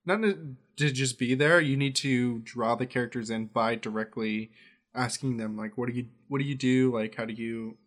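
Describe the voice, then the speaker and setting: A man's voice: medium pitch, normal speed, fairly bright tone. A man co-hosting a casual podcast chat, earnest and explanatory. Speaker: podcast co-host.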